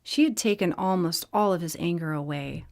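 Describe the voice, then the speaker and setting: Woman reading a fantasy book aloud, plain even narration, kinda low voice. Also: normal speed. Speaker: audiobook narrator. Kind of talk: storybook reading.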